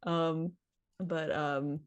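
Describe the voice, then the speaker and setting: A woman's voice: low-pitched, fairly even intonation, very slow. A woman playing a tabletop role-playing game, speaking hesitantly with many restarts. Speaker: player.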